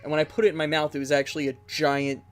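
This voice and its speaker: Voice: mid-range voice, flat delivery, rapid-fire, smooth, soft background music. Giggly streamer rambling through a story. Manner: rambling and giggly, with many fillers. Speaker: game streamer. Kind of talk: casual storytelling chat on a live stream.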